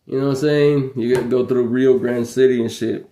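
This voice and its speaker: On his livestream, this man tells heated stories full of constant swearing and laughter, animated and rambling. His medium-pitched voice moves fairly quickly and echoes with reverb.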